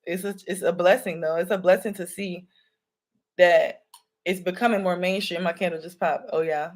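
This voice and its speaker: A woman's voice: on the low side, steady tone, normal speed. A woman, a spiritual reader talking loosely and rambling to her viewers about signs and energy. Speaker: spiritual reader and channel host. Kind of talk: casual spiritual channeling talk to viewers. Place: home room with candles.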